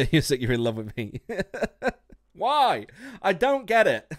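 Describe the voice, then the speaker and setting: A man with a slightly high voice and wildly swooping pitch speaks slowly while livestreaming a trucking game. Sweary and self-mocking, he laughs often at his mistakes and chats with viewers, recorded dry on a studio musician's microphone.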